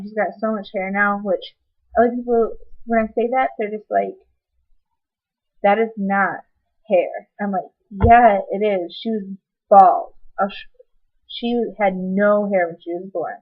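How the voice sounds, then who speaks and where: A woman's voice: mid-range voice, steady tone, moderate pace. Chatty young woman rambling on a webcam. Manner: rambling, chatty, with many ums. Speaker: vlogger. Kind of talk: casual personal update vlog. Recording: slightly dull lo-fi webcam audio.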